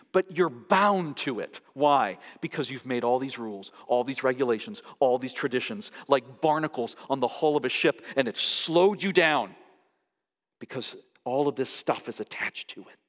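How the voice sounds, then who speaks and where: A man preaching a sermon as pastor, emphatic, pushing his pitch up sharply to stress each point. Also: a bit bright. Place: large church sanctuary. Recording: long hall reverb.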